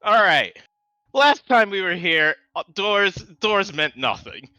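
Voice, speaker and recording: A man playing a character in a tabletop game, animated and given to swearing. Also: high voice, slow, no room sound, poor audio. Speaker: player. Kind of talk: tabletop role-play.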